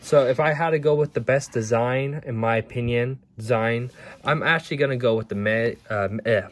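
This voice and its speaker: A man's voice: medium pitch, normal speed. A man casually reviewing action figures, rambling and stumbling over his words as he shows them off at home. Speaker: toy reviewer.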